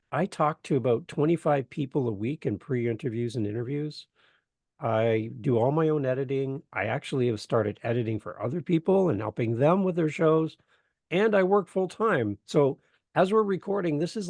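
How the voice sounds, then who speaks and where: A man's voice: medium pitch, vocal fry, no room sound. A man from Canada, a guest on a podcast, chatting casually and telling stories with jokes. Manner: joking, animated storyteller. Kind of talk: casual interview chat.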